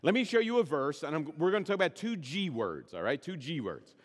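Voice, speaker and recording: A man's voice: fairly high pitch, big pitch swings, fairly quick, in a large hall. A man preaching a sermon, stressing and repeating key words. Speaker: pastor.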